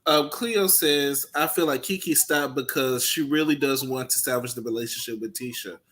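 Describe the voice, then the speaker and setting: A man co-hosting a casual chat show, reasoning through his points in a relaxed, conversational way. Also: mid-range voice, moderate pace. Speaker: co-host.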